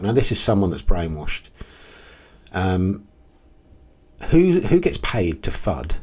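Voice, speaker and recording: A man with a low, slightly husky voice talks to camera in a casual commentary video. He sounds blunt and exasperated, stopping for ums and restarting his sentences. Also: sing-song, takes it slowly, long pauses, darkish tone. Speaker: crypto video host.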